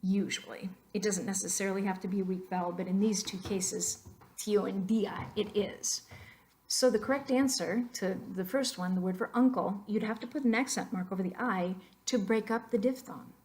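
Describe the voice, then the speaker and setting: A woman's voice: mid-range voice, fairly even intonation, moderate pace, a little mellow. Playful woman narrating a language lesson. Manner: playful, emphatic teaching, switches between English and Spanish. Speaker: Spanish teacher. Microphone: voice-over on a computer mic.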